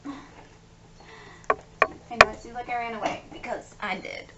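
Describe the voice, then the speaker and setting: A woman with a fairly high voice gives a tarot reading to her viewers. She gushes over each card and talks to them directly. The sound is a little dull and lo-fi. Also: steady tone, normal speed, heavy background noise. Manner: effusive, gushing, talks straight to viewers. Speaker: tarot reader.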